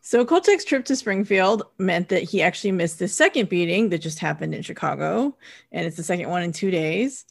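A woman's voice: fairly low pitch, fairly quick, vocal fry. A woman co-hosting a podcast, chatting casually and recapping a TV episode. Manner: relaxed, chatty, with filler words. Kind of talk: casual chat.

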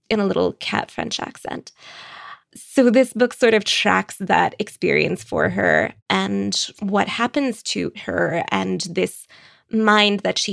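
Woman with heavy vocal fry, wry critic. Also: mid-range voice, no echo, studio quality. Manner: wry, conversational, quick asides. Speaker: book critic. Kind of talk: casual book recommendations.

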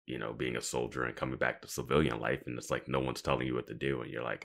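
A man's voice: a bass voice, little pitch movement, fast talker, creaky, fairly bright tone. A man co-hosting a podcast, talking casually in a rambling way with lots of fillers. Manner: rambling, filler-heavy, laughs often. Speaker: podcast co-host. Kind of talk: casual chat.

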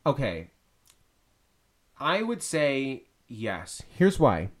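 Animated playful man podcasting. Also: medium pitch. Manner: playful, animated, quick asides. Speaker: podcast co-host. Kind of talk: casual chat.

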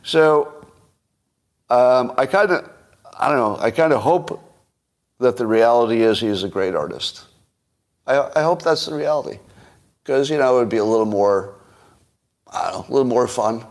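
A man's voice: mid-range voice, lively intonation, moderate pace, creaky, pauses often. A man hosting a solo commentary show, talking through the news in a wry, musing, conversational way. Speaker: podcast host.

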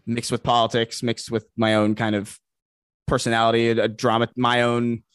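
A male podcast guest talks in an excitable rush, swearing freely and stumbling through restarts. His pitch sits mid-range, and the sound is dry and close, with no room around it. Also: moderate pace, clean tone, no echo. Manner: excitable, profane, stammering restarts. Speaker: guest content creator. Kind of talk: casual podcast chat.

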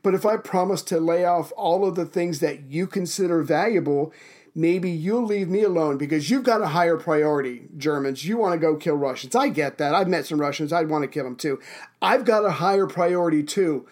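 A man's voice: fairly quick, a little mellow, lightly acted. Blunt bargaining guerrilla chief, as a man quotes him. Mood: persuasive. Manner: casual, matter-of-fact pitch.

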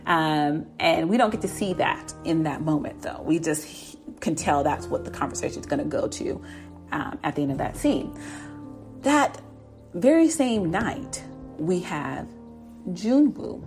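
A woman's voice: medium pitch, a little mellow. A woman casually recapping a TV drama episode, chatting and laughing as she acts out the characters' lines.

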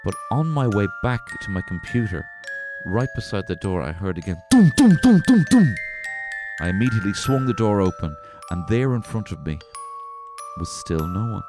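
A male podcast co-host telling a comic story deadpan, with sudden loud outbursts. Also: low-pitched, moderate pace, music in the background.

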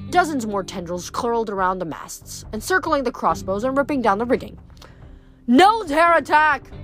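A woman reading a novel aloud, animated, shouting the characters' lines and sometimes stumbling and restarting. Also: mid-range voice. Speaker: reader. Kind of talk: amateur book read-aloud.

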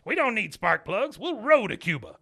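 A man's voice: high-pitched, very animated, normal speed, creaky, bright, forceful tone, voice pushed up, heavily acted. A man voicing a bossy, bullheaded old military father who barks orders in a raised voice.

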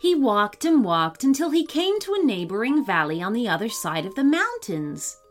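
Woman storyteller, bright and lively, soft music under her. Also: a little high, normal speed. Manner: expressive, animated storytelling. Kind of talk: children's story narration.

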